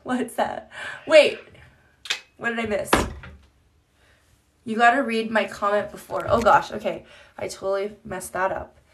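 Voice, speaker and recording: A woman's voice: medium pitch, steady tone, unhurried, long pauses, heavy background noise. A woman chatting candidly on a live stream into her phone, rambling and swearing casually as she reads comments.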